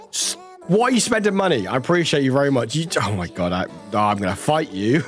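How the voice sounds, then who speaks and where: A UK streamer with a lingering cough greets people and reads chat aloud, rambling warmly and laughing quickly. Soft music plays in the background behind a mid-range voice full of big pitch swings.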